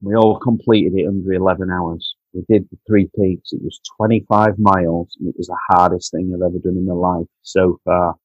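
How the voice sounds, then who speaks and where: A man from Doncaster, England, with a Yorkshire accent tells his story candidly as a podcast guest, earnest and repetitive, calling the host "mate." His deep, flat voice is brisk and breathy-edged with few pauses, in a dry recording with the highs cut off.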